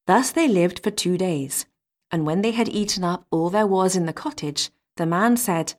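A woman reading a fairy tale aloud in a measured, expressive manner. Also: on the low side. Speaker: storyteller.

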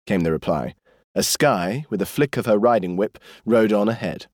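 Expressive low-voiced male audiobook narrator. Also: no room sound, clean studio sound. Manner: expressive, measured storytelling. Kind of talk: scripted narration.

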